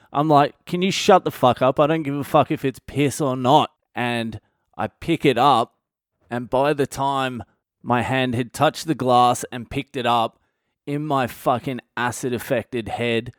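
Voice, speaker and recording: A man in his thirties tells a rowdy personal story, swearing freely and acting out the voices of his mates as he goes. His voice is smooth and clear, recorded close and dry with no room sound at all. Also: mid-range voice, no room sound. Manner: sweary, animated anecdote-telling. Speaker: comedian podcast host. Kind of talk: casual storytelling monologue.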